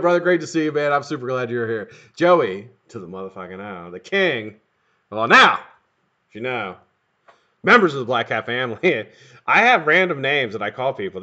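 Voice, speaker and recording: Greeting viewers in between swearing and rambling jokes, a middle-aged man chats on a live stream. His voice is bright and forceful with wide pitch swings, and the audio comes through dull and lo-fi.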